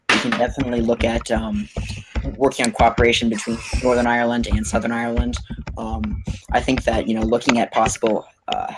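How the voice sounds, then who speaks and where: Flat-voiced man, tentative debate answer. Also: mid-range voice, background noise. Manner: tentative, many you-knows. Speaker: panelist.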